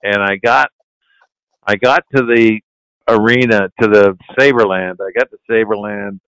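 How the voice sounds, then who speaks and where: Older man, relaxed storyteller, swears casually, low smooth voice, dry close sound. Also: measured pace, no echo, poor audio. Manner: relaxed, laughs while telling anecdotes, swears casually. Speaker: guest, retired hockey player.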